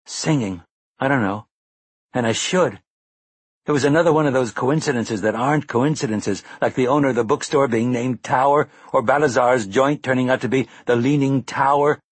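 A man's voice: mid-range voice, moderate pace, husky, no echo, voice pushed up, close to an everyday voice. A man voicing a serious, thoughtful young boy who speaks in an earnest, searching way. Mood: puzzled.

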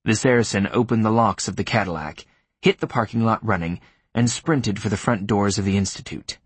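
Husky low-voiced male narrator. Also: no echo. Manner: steady, measured, grim storytelling. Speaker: audiobook narrator. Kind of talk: scripted thriller narration.

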